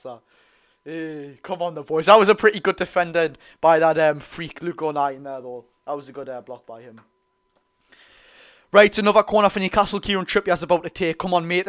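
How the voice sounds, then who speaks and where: A young man with a Geordie accent giving live, excitable fan commentary on a football match, swinging between loud cheering and low muttering. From North East England. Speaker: football watch-along host.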